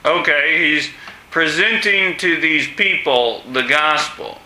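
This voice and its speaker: Slow, bright-voiced male teacher. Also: a little high. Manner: asks questions, many fillers and pauses. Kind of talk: classroom discussion lesson. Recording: echoey room.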